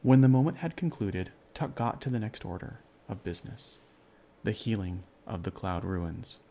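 A man narrating a children's fairy-tale story in a calm, measured way. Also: lowish voice, vocal fry.

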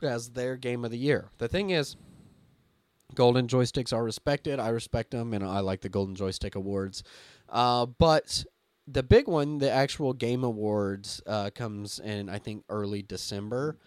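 A man's voice: mid-range voice, a little slow, dry recording. A young adult man hosting a podcast, telling stories animatedly in casual chat. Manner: animated storytelling, swears casually. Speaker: podcast host.

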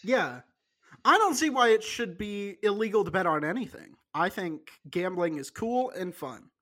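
High-voiced man in a joking podcast chat. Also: animated, normal speed, bright, forceful tone. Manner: rambling, joking, frequent laughs and restarts. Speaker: podcast co-host. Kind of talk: casual chat.

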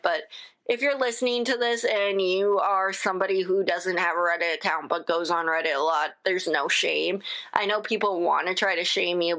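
A woman's voice: medium pitch, a bit bright. A woman from the United States hosting a solo podcast, talking in a rambling, chatty way and often breaking off her own sentences. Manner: rambling, chatty, self-interrupting with "again". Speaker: podcast host.

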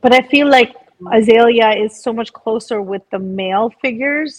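A woman co-hosting a casual podcast chat, telling a family story in a reflective, halting way with frequent restarts, mixing in phrases. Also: on the high side, crowd noise, rough recording. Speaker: podcast co-host.

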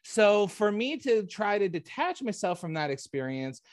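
A man's voice: sits high, big pitch swings, normal speed, dry recording, studio quality. A man from Canada in his forties, a comedian talking candidly in a casual interview, rambling with lots of fillers and asking "right?" often. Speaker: comedian guest.

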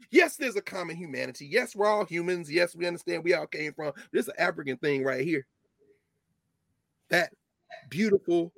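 Impassioned man lecturing, husky and lively. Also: dry recording, clean studio sound. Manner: preacher-like cadence, repeating phrases for emphasis; swings from low murmurs to loud, high emphasis. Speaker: lecturer speaking to a group.

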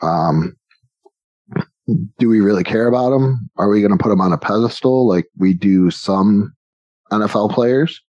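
A man's voice: on the low side, moderate pace, long pauses, darkish tone, no room sound, muffled recording. A man co-hosting a casual chat about a movie, laughing often and acting out quotes. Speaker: podcast co-host.

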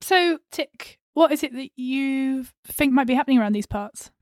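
A woman's voice: high-pitched, moderate pace, darkish tone, no echo, studio quality. A woman playing a tabletop game who talks in a polite, amused, casual way. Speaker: player.

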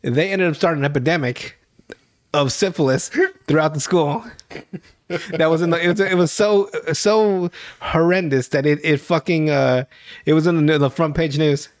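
A man in a loose podcast chat recaps a raunchy episode, slipping into the characters' lines as he goes. His voice sits a little higher than most men's and is recorded close and dry. He keeps breaking into laughter and swears freely. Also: fairly even intonation, moderate pace, no room sound. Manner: laughing storyteller, acts out lines, heavy swearing. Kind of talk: casual profane recap chat.

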